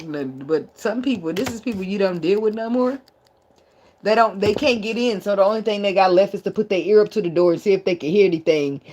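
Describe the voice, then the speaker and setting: A woman giving a casual tarot reading, blunt and profane, who laughs a lot and riffs in playful asides. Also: mid-range voice. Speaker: tarot reader.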